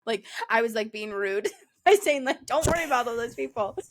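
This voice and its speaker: A woman's voice: animated, brisk. Brief: young female podcast co-host, casual chatty storyteller, laughs a lot. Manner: chatty, laughs often, acts out quotes in a high voice. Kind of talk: casual chat.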